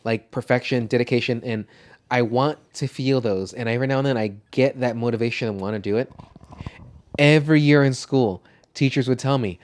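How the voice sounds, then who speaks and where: A man's voice: mid-range voice, a little fast. A man co-hosting a podcast in casual chat, rambling and swearing freely. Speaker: podcast co-host.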